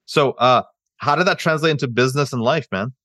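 A man hosts a podcast interview in a casual, relaxed way. His voice sits in a middle range, and he often stumbles and restarts his sentences. The sound is dry and close, with no room echo. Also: mid-range voice, fairly quick. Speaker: podcast host.

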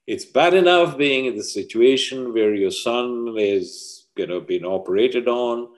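A man, a personal mastery coach, explaining ideas through parables as an interview guest, measured and deliberate. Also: mid-range voice. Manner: measured storyteller.

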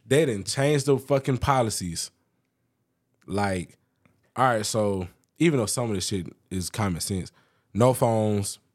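A young man casually telling work stories on a podcast, loose and profane. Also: measured pace. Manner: laid-back storytelling, profane, lively pitch. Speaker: podcast co-host. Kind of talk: casual chat.

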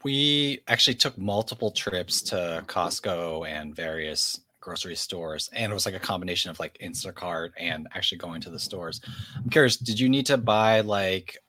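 A man's voice: low voice, normal speed, pushed and bright, no echo. A man co-hosting a podcast, chatting casually with dry, self-mocking humor. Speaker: podcast co-host.

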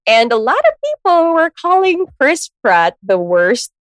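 A woman on a casual podcast, chatting and laughing with her co-hosts. Her voice swings widely in pitch as she talks. The sound is close and dry, straight into a studio mic. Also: a little slow, no echo. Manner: giggly, lively, laughs often. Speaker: podcast co-host. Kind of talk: casual chat.

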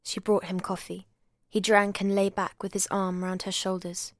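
A woman reading a literary novel aloud as an audiobook, in a measured, clear storytelling manner. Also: medium pitch, flat delivery, no echo. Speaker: reader.

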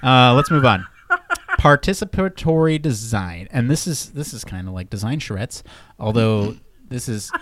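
A man's voice: mid-range voice, animated, moderate pace, fairly bright tone. A man co-hosting a podcast, chatting casually and wandering off into tangents and personal stories. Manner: rambling, tangent-prone storyteller. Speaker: podcast co-host.

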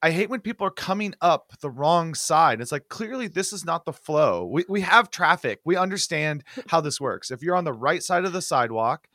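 Man co-host, casual ranting, profane, bright tone, dry sound. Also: fairly high pitch, animated, normal speed, hardly any pauses, no echo. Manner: ranting, swears freely. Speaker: podcast co-host. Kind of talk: casual chat.

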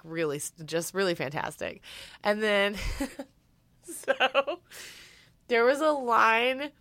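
A woman telling a story in casual chat, animated, swearing and quoting people as she goes. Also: lowish voice, no room sound.

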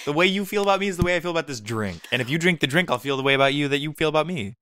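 Bright-voiced deadpan man in improv. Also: on the high side, very fast, smooth, no room sound. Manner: deadpan, earnest mock-romantic delivery. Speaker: podcast co-host. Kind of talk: improvised comedy sketch.

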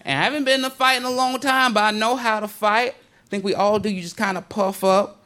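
A man doing a stand-up comedy set in a club, telling a story animatedly and acting out the people in it. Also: brisk. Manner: animated storytelling, acting out characters, swinging pitch. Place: comedy club stage with a laughing audience. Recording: live club recording with crowd laughter and noise.

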